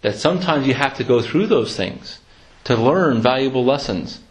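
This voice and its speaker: A man preaching a sermon in an earnest, reflective way, slowing down to quote scripture. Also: medium pitch, animated.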